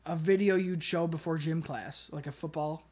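A man's voice: fairly high pitch, fairly even intonation, normal speed, a little mellow, husky. A man co-hosting a podcast in loose, casual chat. He swears freely and says "like" a lot. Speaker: podcast co-host.

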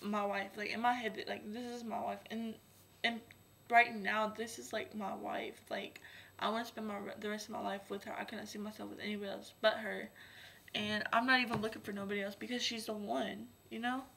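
A woman's voice: mid-range voice, flat delivery, brisk, creaky, a bit bright, slight background noise. A young woman vlogging casually, anxious and rambling, using lots of "like". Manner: anxious, rambling, heavy "like" filler. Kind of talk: casual vlog.

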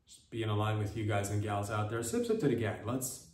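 A man's voice: lowish voice, steady tone, brisk, a little mellow, far from the mic. A man hosting a comedy podcast, rambling through an ironic, mock-earnest monologue. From Canada. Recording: echoey room, voice a bit off-mic.

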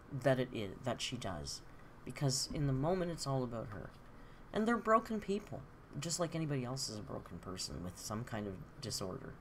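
A woman's voice: deep voice, a little hiss or hum. A middle-aged woman hosting a live stream, chatting candidly and answering comments from her viewers. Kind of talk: casual live-stream chat.

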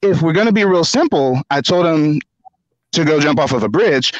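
A man guesting on an interview show, telling a story in lively conversation and often repeating words as he goes. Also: on the high side, moderate pace, no echo, low-quality recording.

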